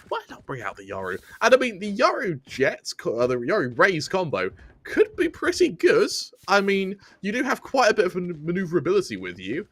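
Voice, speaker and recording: A man's voice: a little high, a bit bright, dry recording. A young man giving esports color commentary, analytical and chatty with his co-caster.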